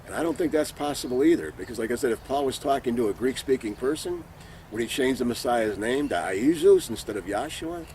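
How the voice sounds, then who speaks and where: A man's voice: mid-range voice, animated, fairly quick, darkish tone, a little hiss or hum. A man giving an informal Bible teaching, speaking earnestly and emphatically and reading scripture passages aloud.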